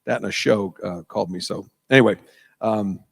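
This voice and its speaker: A man's voice: fairly low pitch, fairly quick, gravelly, breathy edge. A middle-aged man from New England, a voice actor guesting on a convention panel, telling rambling stories full of tangents and chuckles before a live audience in an auditorium. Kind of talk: casual stage chat with anecdotes.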